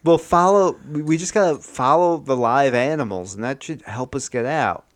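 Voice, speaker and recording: A man co-hosting a comedy podcast, improvising a horror plot in a rambling, profane, deadpan way. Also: mid-range voice, moderate pace, no echo. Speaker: podcast co-host.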